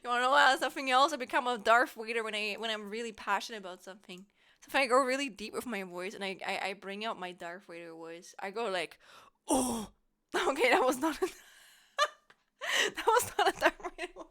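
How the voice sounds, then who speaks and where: A woman's voice: fairly high pitch, animated, fairly quick, bright, forceful tone, smooth. A young woman from Germany, chatting casually with viewers on a live stream, giggling often and rambling playfully.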